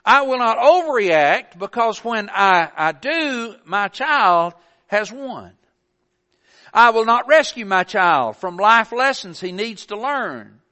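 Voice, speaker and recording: An older man preaching an earnest sermon, building to forceful emphasis on his points. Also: sits high, expressive, slow.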